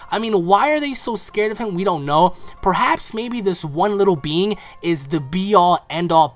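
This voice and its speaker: Excitable man recapping an episode. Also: on the high side. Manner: excitable, emphatic, acts out characters' lines in quotes. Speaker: anime reaction channel host. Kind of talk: casual episode recap commentary.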